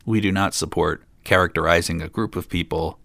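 A man's voice: low-pitched, fairly even intonation, brisk, creaky. A man hosting a storytelling show, reading an old fairy tale aloud with dry, joking asides. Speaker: storyteller host.

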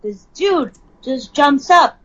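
A woman's voice: high voice, expressive, takes it slowly, fairly bright tone, poor audio. A woman casually reading news aloud and riffing on it with frank, profane asides. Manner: chatty, profane, reads news then riffs on it. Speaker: commentator.

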